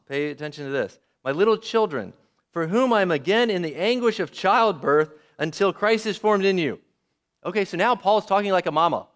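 Guy preaching a sermon, pretty high voice, really animated, keeps asking the crowd stuff. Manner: lively, asks the audience questions.

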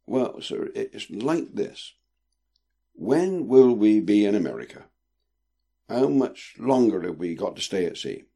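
A man's voice: fairly low pitch, very animated, slow, creaky, warm tone, full character voice. A man voicing an impatient young girl who stammers and pleads, reading a storybook aloud. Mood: earnest.

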